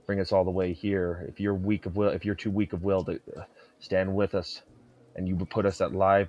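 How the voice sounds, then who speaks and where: The recording is muffled, capturing a man with a low, slightly mellow voice that barely moves in pitch and runs brisk. As a player staying in character at a tabletop game, he talks sternly and menacingly, frequently restarting his sentences.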